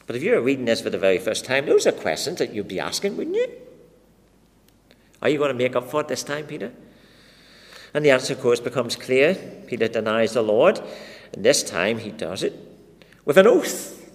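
Preacher with lively rhetorical questions. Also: male voice, medium pitch, normal speed, pauses often. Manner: dramatic, with many rhetorical questions put straight to the listeners. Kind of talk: expository sermon. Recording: long reverb of a large hall.

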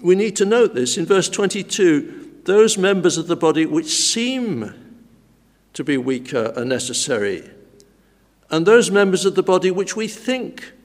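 A man preaches slowly and deliberately, his voice set a little high. His words ring out in a church hall with a long, lingering reverb. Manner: slow, deliberate, emphatic teaching. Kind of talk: expository sermon.

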